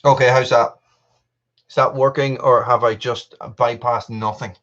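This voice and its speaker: A man's voice: mid-range voice, fairly even intonation, measured pace, a bit bright, dull audio. A man hosting a casual live stream from an upstairs room at home, chatting to viewers in a rambling, self-mocking way while testing his microphones. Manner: rambling, self-mocking, restarts and laughs often. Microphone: testing camera mic and desk mic.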